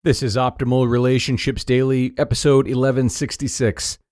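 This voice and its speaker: Man, podcast host, reading aloud, earnest, measured, mid pitch, dry close recording. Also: level tone, a little mellow, dry recording.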